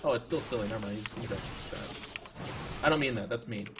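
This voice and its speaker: A man's voice: medium pitch, fast, background noise. A man casually commentating his own strategy game match live, chatty and self-mocking with jokey asides. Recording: distant, dull lo-fi mic with loud music. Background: loud background music and keyboard typing.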